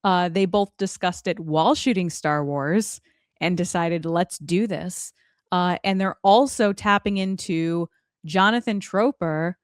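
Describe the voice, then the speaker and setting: A woman runs a casual podcast conversation, steering the topics and adding quick asides. Her voice sits on the low side. The sound is dry and close, with no room around it. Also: dry recording. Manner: chatty, leads the discussion with asides. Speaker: podcast host.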